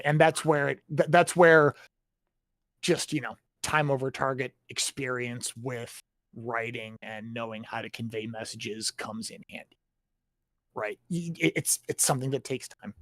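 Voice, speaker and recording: A man's voice: mid-range voice, a bit bright, dry recording. A man in a casual chat about writing, explaining his points and often checking in with tag questions.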